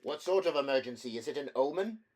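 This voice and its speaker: A man voicing an arrogant, rich middle-aged villa owner for an audiobook, speaking higher and louder in indignant, imperious tones. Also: moderate pace, close to an everyday voice. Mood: haughty.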